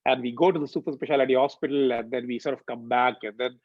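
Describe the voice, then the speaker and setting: A man's voice: mid-range voice, quick pace, dry recording. A man, telling a devotional story with lots of uh and um fillers. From India. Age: 40s. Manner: animated retelling, frequent uh and um fillers. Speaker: devotional speaker. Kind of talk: personal storytelling testimony. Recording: dull lo-fi dry recording.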